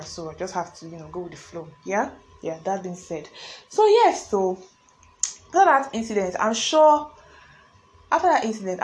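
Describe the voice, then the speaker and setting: A young woman with a Nigerian accent talks straight to her viewers in a relaxed vlog. She tells her story in a chatty, expressive way, dropping slangy asides as she goes, in a voice of middling pitch. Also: a little hiss or hum, rough recording. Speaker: vlogger.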